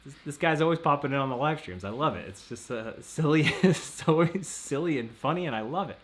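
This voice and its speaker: A man's voice: fairly high pitch, animated, a little fast, fairly bright tone. A man hosting a casual live stream, rambling and laughing often as he reads out viewer messages.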